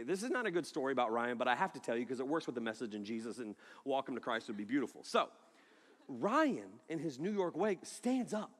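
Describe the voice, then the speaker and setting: Bright-voiced man preaching in an echoing hall. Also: a little high. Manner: animated, laughing storyteller who shouts in excitement. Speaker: youth pastor. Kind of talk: energetic sermon with storytelling. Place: large hall. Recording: echoey hall with long reverb.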